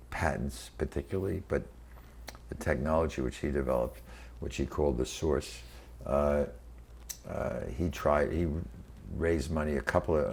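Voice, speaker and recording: A man in his eighties from New York City, recalling his career in a halting oral history interview full of fillers and restarts. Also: a bass voice, creaky, a little mellow, a little hiss or hum. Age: 80s. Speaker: interviewee, venture capitalist. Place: quiet room.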